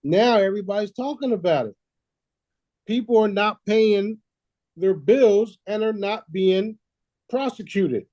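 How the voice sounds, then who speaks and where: A man's voice: high-pitched, a little slow, dark tone, no room sound. A man hosting a casual talk, boastful and preachy, swearing freely and laughing at his own lines. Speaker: host.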